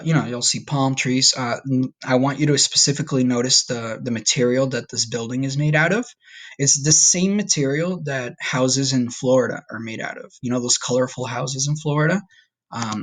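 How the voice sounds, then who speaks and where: Spanish teacher checking in with "okay?". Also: male voice, medium pitch, moderate pace, a bit bright. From United States. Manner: friendly, checks in with frequent "okay?". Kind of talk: recorded classroom lesson.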